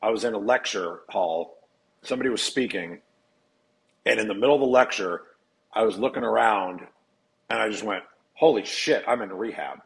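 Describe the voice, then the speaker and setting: A man's voice: fairly low pitch, moderate pace, gravelly, pauses often, fairly bright tone, poor audio. A man from Nebraska telling his recovery story as a podcast guest, candid, blunt and profane.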